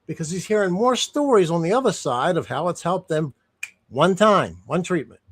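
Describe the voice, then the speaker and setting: A man talks through his views in a loose, unscripted way, his voice sitting a little high for a man. He sounds indignant and often doubles back mid-sentence or drifts into digressions. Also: lively intonation, normal speed, a little hiss or hum. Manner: indignant, rambling, with frequent restarts and digressions. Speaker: streamer giving commentary. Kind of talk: casual unscripted commentary.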